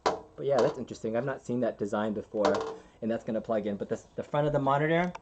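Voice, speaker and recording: A man's voice: medium pitch, quick pace, muffled recording. Casual rambling man, faint noise. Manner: relaxed, rambling, lots of fillers and restarts. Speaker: channel host. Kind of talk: casual live-stream unboxing chat.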